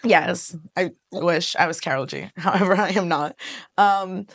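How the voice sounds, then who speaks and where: A woman in her twenties from Colombia talks animatedly in a casual interview, laughing often and switching between English and Spanish. Her voice sits low and has a gravelly edge. The sound is dry and close. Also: measured pace, no echo. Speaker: interview guest.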